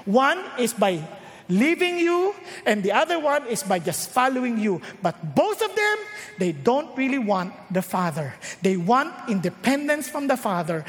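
A woman with a Filipino accent preaching a sermon, animated and quick to act out the people she quotes. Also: a little high, big-room sound. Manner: animated, acts out quotes, switches between English and Tagalog.

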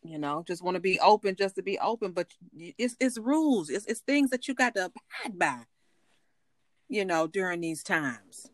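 A woman co-hosting a podcast in casual chat, unhurried and agreeable, cheering her partner on as she shares a story. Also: lowish voice, expressive, no echo, studio quality. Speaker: podcast co-host.

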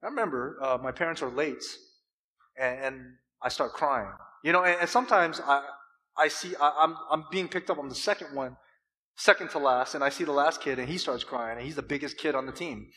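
A man preaching a sermon with impassioned swells and dramatic pauses, from California. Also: on the high side, pushed and bright. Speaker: pastor. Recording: long hall reverb.

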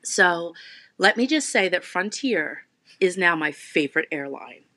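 A woman with a South Jersey accent co-hosting a podcast, telling stories in a chatty, animated way. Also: on the low side, unhurried. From South Jersey, USA. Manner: animated, laughing, self-correcting storyteller. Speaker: podcast co-host. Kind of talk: casual chat.

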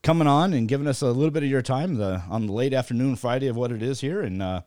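A male podcast host chatting in a loose, joking way, often stopping for "uh" between thoughts. His voice sits at an ordinary middle pitch. The sound is close and dry, with no room around it. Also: fast talker, darkish tone, clear, resonant tone, dry recording. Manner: loose and joking, with frequent "uh" fillers. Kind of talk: casual interview chat.

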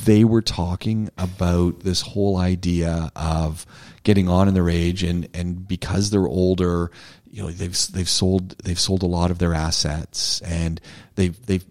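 A middle-aged man from Canada chatting casually as co-host, telling stories with lively acted-out voices and frequent laughs. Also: unhurried. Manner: animated storyteller, acts out others' lines with big pitch jumps, laughs often. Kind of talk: casual chat.

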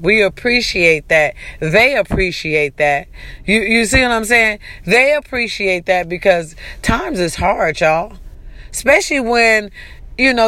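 Lively woman giving a casual pep talk. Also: on the low side, dry recording. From California. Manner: chatty, animated, calls out to the audience. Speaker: vlogger. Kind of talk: casual motivational talk to camera.

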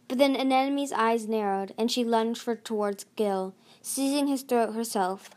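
A woman narrating a storybook aloud, reading steadily with small slips and restarts. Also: on the high side. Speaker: audiobook reader.

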